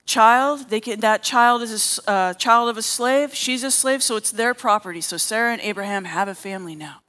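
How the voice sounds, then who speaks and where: Woman preacher with a high voice, delivers a sermon by retelling stories and voicing the characters. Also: moderate pace, a bit bright. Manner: storytelling, acting out quoted characters. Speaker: preacher and therapist.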